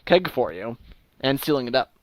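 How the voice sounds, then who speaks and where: A man's voice: medium pitch, very animated, moderate pace, no room sound, close to an everyday voice. A man voicing a shifty male tavern keeper who haggles over ale in a tabletop game. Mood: haggling. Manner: bargaining, wheedling and sly.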